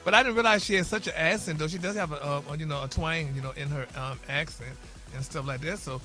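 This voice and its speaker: A man dishes celebrity gossip on a morning radio show, and his voice sits high for a man. His tone is bright and sharp. He is sassy and opinionated, drops "honey" and "y'all" into every line, and argues back at his co-hosts. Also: fast, soft background music. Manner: animated, opinionated, bickers with co-hosts.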